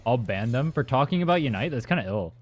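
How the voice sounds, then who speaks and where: While gaming on a livestream, a young man talks fast in an expressive, mid-range voice, answering chat with rambling, profanity-laced banter. Faint playlist music drifts in the background.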